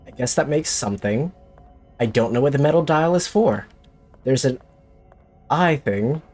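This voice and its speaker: A man's voice: medium pitch, lively intonation, measured pace, darkish tone, faint music behind. Jumpy man streaming a horror game. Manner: jumpy, talks to himself, jokey. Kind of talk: let's play commentary.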